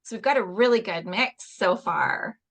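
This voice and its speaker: A woman's voice: medium pitch, normal speed, a bit bright. A woman coach hosting an online workshop over a video call, encouraging and reading out audience replies. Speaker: confidence coach, session host.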